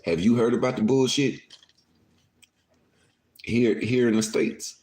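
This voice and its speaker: A man's voice: mid-range voice, unhurried, a little mellow, a little hiss or hum. A man hosting a casual livestream podcast from home, talking loosely and profanely with his viewers and laughing often. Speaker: podcast host talking to live chat. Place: indoors, at home.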